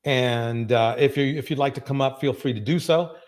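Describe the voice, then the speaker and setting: A man hosting a live reaction stream. He talks with emphasis, repeats his phrases and breaks into loud bursts of agreement. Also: mid-range voice, normal speed. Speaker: livestream reaction host.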